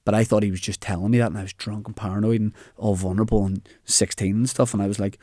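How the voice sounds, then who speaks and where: A man's voice: lowish voice, fast, dry recording, clean studio sound. A young man with a Northern Irish accent, a comedian telling a funny story in casual chat. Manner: animated anecdote telling with quoted dialogue. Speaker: comedian guest.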